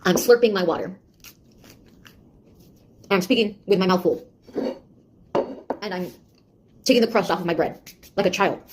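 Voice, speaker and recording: A woman's voice: fairly low pitch, normal speed, long pauses, noisy background, close to an everyday voice. An actress playing a sarcastic young woman, a beta tester who mocks and scolds a nosy AI in a one-sided audio drama. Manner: mocking, taunting, exasperated.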